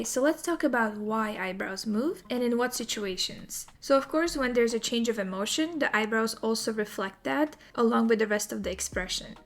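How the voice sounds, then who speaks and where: A woman teaching animation in a recorded tutorial, explaining in a clear, methodical way. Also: fairly high pitch. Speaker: animation instructor.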